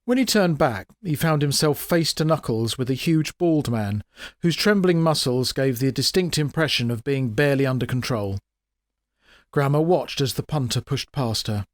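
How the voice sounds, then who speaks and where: In dramatic audiobook narration, a man reads his own comic fantasy story with wry, animated expression at a moderate pace. His voice is middling in pitch, recorded close and dry without room echo.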